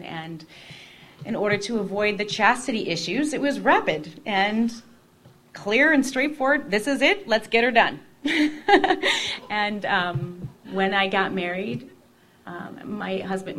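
A woman telling her personal faith story in an expressive, conversational way, often dropping to a hushed voice. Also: medium pitch, unhurried, a little hiss or hum. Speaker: guest sharing her testimony.

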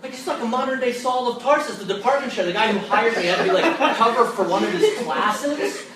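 A man giving an animated storytelling talk as a theology lecturer, often dropping low and soft when he acts out the people he quotes. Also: fairly quick, heavy reverb, crowd noise. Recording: distant mic, noisy live room.

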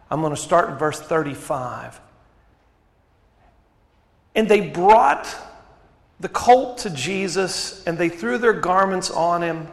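A man preaching a sermon as pastor, asking rhetorical questions and dropping to quiet emphasis. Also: on the high side, vocal fry. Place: church sanctuary. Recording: echoey hall reverb.

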